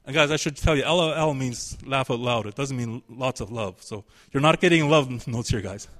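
A man's voice: medium pitch, moderate pace, a bit bright. A man preaching a sermon, emphatic and searching, voicing the pleading of a biblical figure in his quotes.

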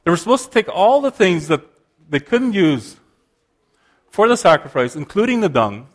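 A man delivering a sermon with a somewhat high-pitched voice. He explains scripture earnestly and restarts phrases as he works through a point. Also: sing-song, normal speed. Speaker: preacher.

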